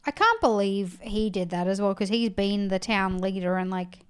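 A young woman co-hosting a casual recap, chiming in with quick agreement and blunt opinions. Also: mid-range voice, expressive, smooth. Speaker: podcast co-host.

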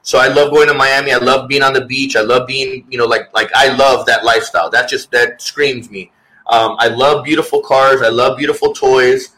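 A man's voice: medium pitch, fairly even intonation, moderate pace, bright, forceful tone, low-quality recording. A man talking as a guest author in a casual interview, earnest and rambling, with many restarts.

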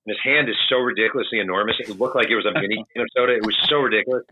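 A man, an author, telling animated stories in casual chat and acting out the people he quotes. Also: fairly low pitch, very fast, noisy background. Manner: animated anecdotal storyteller, acts out quotes. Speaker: author guest. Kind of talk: casual storytelling. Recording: dry tinny call audio.

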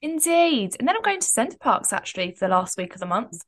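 A woman's voice: on the high side, sing-song, quick pace. A young woman co-hosting a podcast, chatting casually in a bubbly way and laughing often. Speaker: podcast co-host. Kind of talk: casual chat.

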